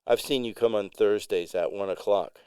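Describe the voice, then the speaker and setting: A man's voice: fairly low pitch, normal speed, a little mellow, clean tone, dry recording, clean studio sound, pitched above the performer's own voice, close to an everyday voice. A man voicing a shy, nervous young farmer who stammers. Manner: hesitant, stammering.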